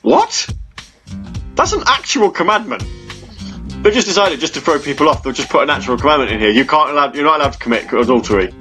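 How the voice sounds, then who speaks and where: Chatty man with a lively voice. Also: a little high, quick pace, soft background music. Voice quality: chatty, laughs often, mock-solemn when reading aloud. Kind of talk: casual chat.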